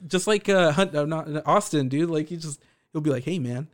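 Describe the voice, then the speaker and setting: Young man, casual co-host, slightly higher voice, easygoing. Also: brisk. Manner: laid-back, short reactions, laughing. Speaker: podcast co-host. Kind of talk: casual chat.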